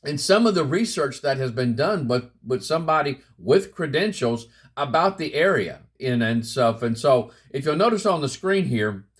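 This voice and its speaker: A man with a husky, slightly breathy voice talks straight to his viewers in a relaxed, folksy Bible lesson. His pitch swings up and down freely. He repeats his points and keeps calling his audience "guys.". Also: moderate pace, few pauses. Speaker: Bible teaching channel host. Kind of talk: casual spoken Bible lesson to camera.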